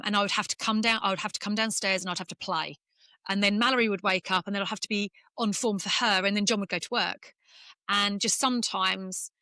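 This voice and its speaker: A middle-aged English woman, a former golfer, talking candidly in an interview and speaking in quick, emotional bursts with restarts. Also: mid-range voice, sharp tone, clear, resonant tone, no echo, studio quality. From England. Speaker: former professional golfer, guest.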